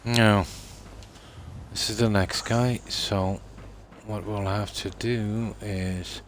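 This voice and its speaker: A man's voice: lowish voice, steady tone, very slow, slight background noise. A man streaming a game, muttering and thinking aloud while he builds, in casual chat.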